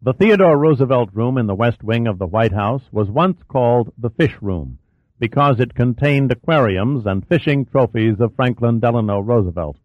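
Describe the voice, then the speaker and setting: A man narrates a thriller novel in an even, clear voice of middle pitch. The sound is thin and phone-like. There is no room echo. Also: normal speed. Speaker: audiobook narrator. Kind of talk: scripted narration. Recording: dry, thin phone-like audio.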